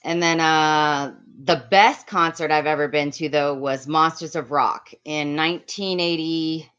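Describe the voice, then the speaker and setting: This is a low-pitched woman with fairly even intonation, a measured pace, and a fairly bright tone. Middle-aged and from the Miami area, she chats through a casual, rambling story for a livestream, naming viewers as she goes, on slightly dull lo-fi audio.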